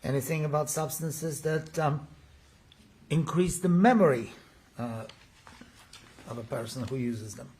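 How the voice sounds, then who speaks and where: A man's voice: a little high, a little slow, long pauses, darkish tone. A man working as a defense attorney, cross-examining a witness in a courtroom with pressing, leading questions.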